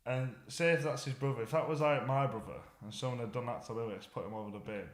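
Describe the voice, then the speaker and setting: A man with a mid-pitched voice cuts in with laughs and sweary remarks on a casual podcast. The room around him sounds echoey. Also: steady tone, quick pace. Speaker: podcast co-host. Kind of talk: casual chat.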